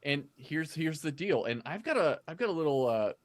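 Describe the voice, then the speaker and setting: A man's voice: fairly high pitch, very animated, moderate pace. A man hosting a casual fan discussion podcast, chatty and explaining things at length with frequent restarts.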